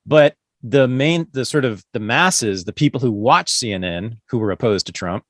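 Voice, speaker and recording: A man's voice: medium pitch, lively intonation, moderate pace, no echo, clean studio sound. A man hosting a podcast, making earnest, opinionated points in a casual interview chat. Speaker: podcast host.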